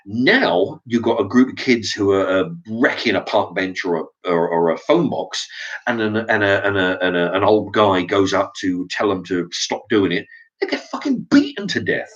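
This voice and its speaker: A man's voice: fairly low pitch, very animated, normal speed. A middle-aged man with an English accent rants to camera in an opinion vlog, stumbling over restarts and swearing often. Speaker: vlogger. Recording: dull lo-fi recording.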